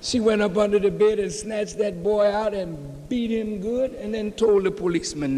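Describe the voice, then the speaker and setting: Man, 50s, sermon, high voice, unhurried emphatic delivery, long hall reverb. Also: warm tone. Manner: emphatic, addresses the congregation directly. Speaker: minister. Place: large mosque hall.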